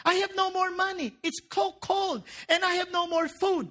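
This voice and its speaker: A woman's voice: very high-pitched, steady tone, moderate pace, fairly bright tone, pitched above the performer's own voice. A woman playing a devout little old lady. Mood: pleading. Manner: pleading, heartfelt cries to heaven.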